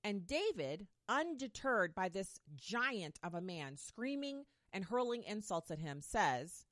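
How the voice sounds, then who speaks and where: A woman's voice: mid-range voice, sing-song, unhurried, fairly bright tone, no room sound, studio quality. A woman casually retelling a Bible story in a playful way, with modern slang asides.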